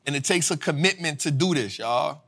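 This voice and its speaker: Energetic, fiery man preaching money lessons. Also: a little high, normal speed. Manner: preacher-like cadence, rising to shouts; casual slang, addresses audience as y'all. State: tired after a flight. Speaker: financial education host. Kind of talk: motivational livestream teaching.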